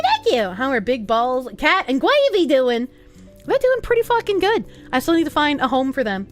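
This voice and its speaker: A young woman streaming, chatting casually and reading out viewer messages, animated and profane, with bursts of giggling. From United States. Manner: animated, giggly, profane, with squealing high laughs.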